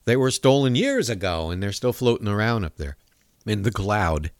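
A man's voice: on the low side, big pitch swings, normal speed, no room sound, clean studio sound. A man hosting a talk show, delivering a profane, mocking comedic rant monologue.

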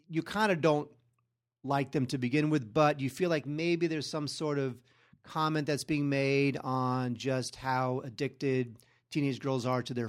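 A man co-hosting a podcast, reviewing films casually with frequent pauses and restarts. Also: fairly high pitch. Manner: hesitant, many ums and restarts. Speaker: podcast co-host. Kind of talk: casual film review chat.

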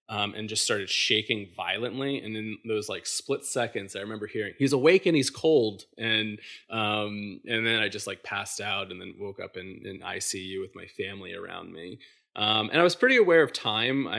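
A man in his thirties, a podcast guest telling a personal story casually, halting with many fillers and restarts. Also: fairly low pitch, gravelly, pushed and bright.

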